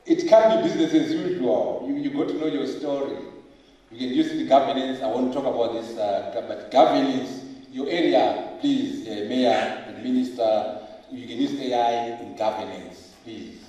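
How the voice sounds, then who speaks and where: A middle-aged man giving a lively speech at a book launch, firing rhetorical questions, joking and hammering points through repetition. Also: medium pitch, moderate pace. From Zimbabwe. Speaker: professor and author at a book launch. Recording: echoey hall, voice from far off.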